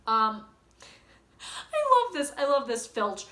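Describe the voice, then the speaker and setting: Young woman book vlogger, gushing and rambly. Bright, slightly high voice in an echoey room. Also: wildly swooping pitch, takes it slowly. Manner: gushing, rambling, with many likes and ums. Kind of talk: casual book chat reading passages aloud.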